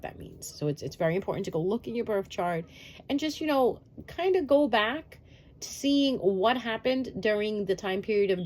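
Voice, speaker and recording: A woman's voice: mid-range voice, darkish tone. A woman giving a casual, chatty astrology update straight to her viewers, reassuring and sprinkled with "um" fillers. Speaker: astrology reader.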